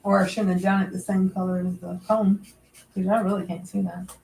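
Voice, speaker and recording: A woman talks her way through a sewing project on a livestream, nervous and rambling, full of fillers and restarts. Her voice has a gravelly edge at mid pitch. A faint hum sits behind her. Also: level tone, a little fast, darkish tone, rough recording. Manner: chatty, rambling, thinking aloud with many fillers. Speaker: livestream host crafting. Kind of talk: casual livestream chat while sewing.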